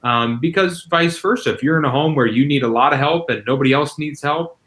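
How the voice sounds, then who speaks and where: A man's voice: a little high, a little fast, a bit bright, poor audio. Man explaining senior housing options. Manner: explanatory, uses "you know" fillers. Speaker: guest expert on senior living. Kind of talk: casual interview answers.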